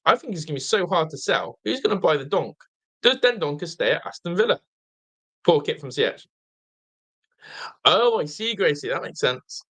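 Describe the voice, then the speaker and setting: Tired English man hosting a fan watch-along, bright, slightly higher voice, loose chatty delivery, reads out viewer comments. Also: big pitch swings, normal speed, long pauses. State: tired, half asleep.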